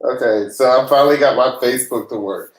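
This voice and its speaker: A little on the fast side, a mid-range male voice leads an informal tax livestream Q&A. He's a tax professional who grew up in the South, and he banters, jokes and laughs freely while the room adds echo.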